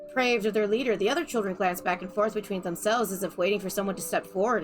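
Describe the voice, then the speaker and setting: A woman's voice: mid-range voice, fast talker, hardly any pauses. Woman streamer narrating game text, wry asides, medium voice, faint music under.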